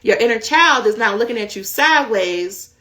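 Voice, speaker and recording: Addressing her audience as "y'all," a woman answers questions live for dissertation writers she coaches. She's animated and candid, talking conversationally at a moderate pace in a fairly high voice that comes across pushed and bright.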